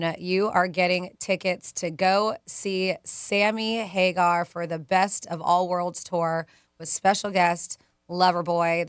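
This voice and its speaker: A woman's voice: fairly low pitch, a bit bright, clean tone, dry recording. Upbeat woman radio co-host, dry studio sound. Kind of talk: morning radio chat and contest promo. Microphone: studio mic.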